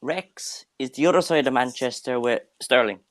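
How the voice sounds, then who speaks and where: A man, co-hosting a casual football watchalong with quick joking interjections. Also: medium pitch.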